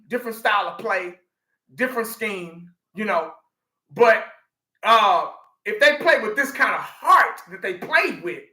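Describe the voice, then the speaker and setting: A middle-aged man talks to his audience in a loose, rambling way, circling back and restarting his thoughts. His voice sits fairly high with a very bright, sharp edge. The room around him is echoey. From Texas. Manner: rambling, restarts a lot, addresses viewers. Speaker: fan channel host. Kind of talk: casual chat.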